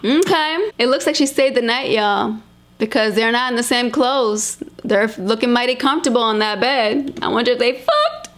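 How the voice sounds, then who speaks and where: A woman in her late thirties with a slightly high voice, commenting on clips in a blunt, chatty way. She talks straight to her viewers, casual and unfiltered. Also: expressive, normal speed. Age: 30s. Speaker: reaction commentator.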